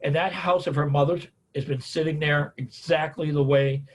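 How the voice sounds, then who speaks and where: Speaking at a moderate pace with fairly even intonation, this middle-aged American man has a slightly high voice. His talk on caregiving and grief is folksy and built on anecdotes, and he keeps tacking "man" and "on it" onto his sentences.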